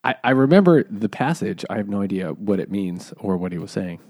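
A man with a somewhat low voice retells a plot loosely, restarting his sentences along the way. The recording is dry, with no room sound. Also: expressive, fairly quick, dark tone, no room sound. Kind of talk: casual book discussion.

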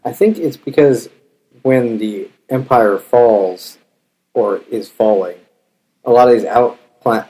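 A man's voice: lowish voice, mellow, slightly rough, low-quality recording. A man co-hosting a casual podcast, making dry, offhand wisecracks. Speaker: podcast co-host. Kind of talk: casual chat over beers.

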